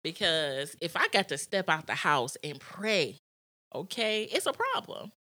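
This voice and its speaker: Young female co-host, low-ish and bright, frank and reflective. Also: big pitch swings, unhurried, no room sound. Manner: reflective, frank, laughing asides. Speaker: podcast co-host. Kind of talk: casual podcast chat.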